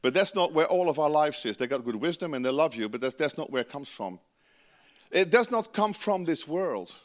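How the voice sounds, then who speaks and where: Animated Dutch-accented preacher, high voice. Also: male voice, a little fast. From Netherlands. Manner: lively, emphatic preaching with asides. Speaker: pastor. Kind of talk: sermon.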